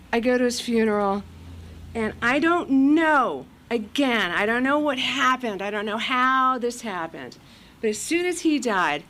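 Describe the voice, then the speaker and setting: A woman's voice: a little high, a bit bright. A middle-aged woman from California giving a candid recovery share at a meeting, blunt, profane and self-mocking, with a lot of fillers.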